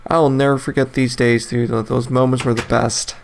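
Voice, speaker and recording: A man's voice: medium pitch, little pitch movement, fairly quick, creaky, slight background noise. A young man in his twenties hosting a casual solo podcast, rambling with many fillers, restarts and frequent laughs. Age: 20s. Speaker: podcast host.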